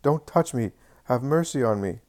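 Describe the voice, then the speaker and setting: A man voicing a gravely ill grown male leper who begs desperately for mercy. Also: mid-range voice, unhurried, darkish tone, natural voice. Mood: frantic. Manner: desperate, imploring cries.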